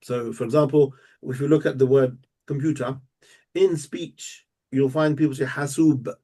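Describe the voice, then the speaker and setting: A man teaching a live language lesson, explaining step by step and repeating words slowly and patiently. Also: mid-range voice, steady tone, warm tone. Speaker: Arabic teacher.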